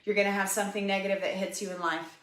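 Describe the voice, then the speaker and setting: Talking at a racing pace in a flat, medium-pitched, slightly bright voice, a woman coaches her live fitness audience in an upbeat, encouraging way, calling them "you guys." The room she records in echoes.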